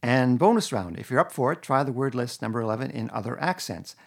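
A man talking casually in a vlog, answering questions and slowly reading out a word list with a wry, relaxed manner. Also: mid-range voice, vocal fry. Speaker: vlogger. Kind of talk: casual accent-tag monologue.

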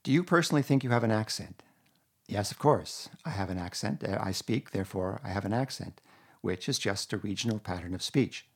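A man talking casually in a vlog, answering questions and slowly reading out a word list with a wry, relaxed manner. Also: fairly low pitch, slightly rough. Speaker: vlogger. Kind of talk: casual accent-tag monologue.

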